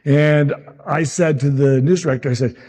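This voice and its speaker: Animated storytelling man. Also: on the high side, moderate pace. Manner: animated anecdotes, acts out quotes. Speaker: meteorologist speaker at a summit. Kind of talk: storytelling talk.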